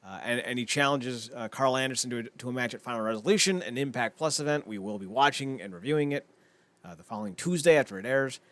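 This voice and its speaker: Rambling, excitable young man, dry sound. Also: medium pitch, fast, no echo. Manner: rambling and excitable, laughs often, many fillers. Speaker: podcast co-host. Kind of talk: casual wrestling chat.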